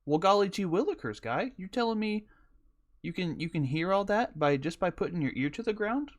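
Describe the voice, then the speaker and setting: Gee-whiz old west cowboy a guy puts on, squeaky high hokey drawl, all golly. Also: animated, brisk. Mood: amazed.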